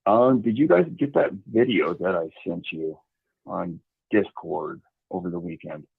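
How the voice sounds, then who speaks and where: A man's voice: low voice, measured pace, gravelly, slightly rough, dry recording. A man telling a story in a casual, rambling way, full of restarts, heard over a tinny line. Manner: rambling, hesitant, with many restarts.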